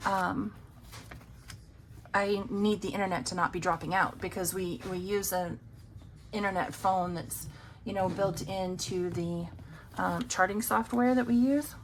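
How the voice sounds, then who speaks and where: A woman vlogging about her budget at home, chatting casually and rambling with many pauses and ums while counting cash. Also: mid-range voice, a little hiss or hum, low-quality recording.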